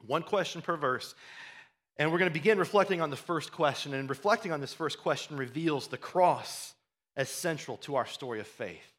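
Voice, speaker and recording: A pastor preaching a sermon in a conversational way, often restarting his words and building to loud, fired-up stretches. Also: fairly high pitch, moderate pace. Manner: animated preaching that rises to loud, fired-up bursts.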